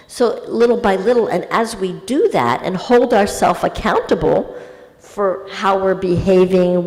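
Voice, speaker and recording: A woman spiritual teacher answering a question in a gentle, conversational devotional talk, acting out inner voices as she goes. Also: mid-range voice. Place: temple hall. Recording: reverberant hall.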